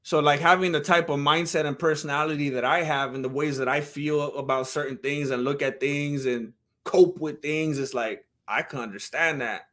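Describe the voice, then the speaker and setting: A man's voice: a little high, fairly even intonation, normal speed, a bit bright. A man, chatting casually with his live-stream audience in a heartfelt, rambling way. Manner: heartfelt, rambling, talks straight to chat.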